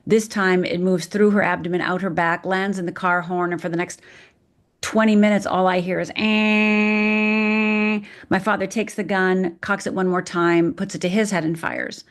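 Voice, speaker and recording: A woman's voice: fairly low pitch, steady tone, moderate pace. A middle-aged woman from Upper Michigan, a podcast guest, telling her personal story frankly and vividly. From Upper Michigan, USA. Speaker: guest, fear expert.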